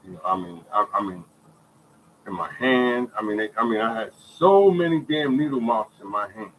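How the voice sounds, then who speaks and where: A man telling his own story in a casual, animated way, repeating phrases and checking in with listeners. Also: lowish voice, normal speed, a little hiss or hum, poor audio. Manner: animated storytelling, many repeated phrases, often asks "you hear me". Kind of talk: casual spoken testimony.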